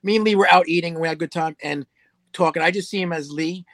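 Quick, high-voiced man, dry close sound. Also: a bit bright, dry recording. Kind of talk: casual podcast chat.

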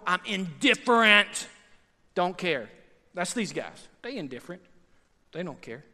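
A man preaching a sermon, animated and conversational, repeating phrases and swinging from loud emphasis to hushed asides. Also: high voice, a little slow, long pauses. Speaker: pastor. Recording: long hall reverb.

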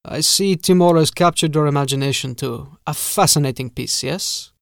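A man voicing a sinister, formal castle steward who speaks softly and drags out his vowels. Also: a little high, gravelly, no echo, studio quality. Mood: sinister calm. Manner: soft, measured, drawn-out vowels.

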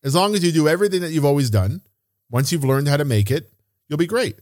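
Slightly high with lively intonation, quick and darkish in tone, this man's voice comes through dry and clean in a studio. He's a business coach running a solo motivational podcast, speaking casually with occasional swearing and stressing ideas by repeating phrases.

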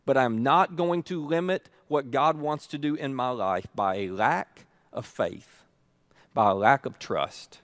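A man's voice: medium pitch, measured pace, fairly bright tone, no room sound. Earnest man preaching with dry sound. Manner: earnest, emphatic preaching with repeated phrases. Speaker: pastor. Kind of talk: sermon.

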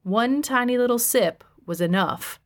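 A woman, around her thirties, reading her memoir aloud with dry, deadpan humor. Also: on the high side, measured pace. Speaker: narrator. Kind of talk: memoir audiobook narration.

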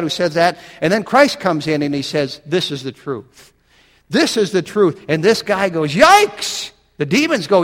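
A man's voice: fairly high pitch, long reverb tail. A man preaching a sermon as pastor, blunt and emphatic, asking the listeners pointed questions.

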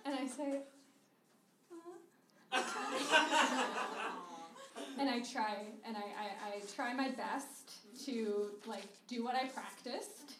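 Young woman storyteller on stage, kinda high voice, roomy echoey hall with noise behind. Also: unhurried, few pauses, far from the mic. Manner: chatty, says "like" a lot, laughs through the story. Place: live show venue.

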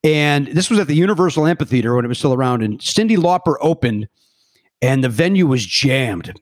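A man's voice: mid-range voice, a little fast, no room sound. A middle-aged man telling rambling stories on a remote podcast, stumbling and correcting himself, acting out quotes with gusto. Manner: rambling, self-correcting, animated quoting. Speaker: podcast guest. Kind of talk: casual storytelling chat. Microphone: remote podcast mic.

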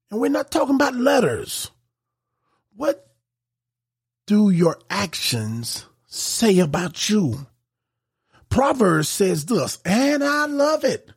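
Man, preacher, husky, high, lively pitch, emphatic sermon. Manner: emphatic preaching, rising to shouts on key points.

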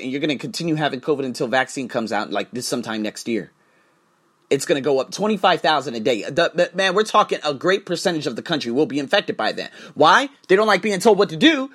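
A man hosting a podcast, talking as a teacher in a profane, ranting, animated manner. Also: a little high. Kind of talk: casual monologue podcast.

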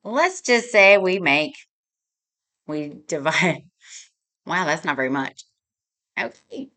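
Earnest woman, slow and bright. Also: lowish voice, big pitch swings. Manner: earnest, emotional, talks numbers through aloud. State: tearing up. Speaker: podcast host. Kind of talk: heartfelt podcast monologue.

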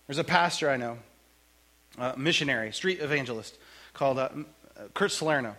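A male pastor preaching a sermon in a church, joking and conversational in an animated way. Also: mid-range voice, brisk, pauses often.

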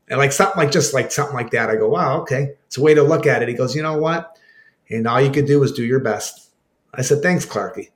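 A man at a middle pitch, a former hockey player, recalling an old teammate in a radio interview. He stalls and repeats himself, then acts out old conversations in quick bits of dialogue. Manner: halting, repeats words, acts out quoted exchanges. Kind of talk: reminiscing in an interview.

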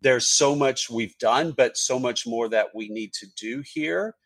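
A man speaks as an HR executive guest on a podcast, with a measured, corporate delivery full of small fillers. His voice sits at an ordinary middle pitch. The recording is dry and close, with no room sound. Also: fairly bright tone, no room sound. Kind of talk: podcast interview answers.

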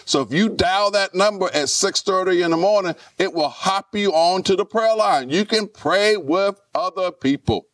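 A man delivers a live church sermon in a high-set voice, circling back to repeat key lines and asking the congregation questions. He sits somewhat back from the microphone. The sound is dry, with little room echo. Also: moderate pace, hardly any pauses, far from the mic. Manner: repetitive, rhetorical questions to the congregation. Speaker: pastor.

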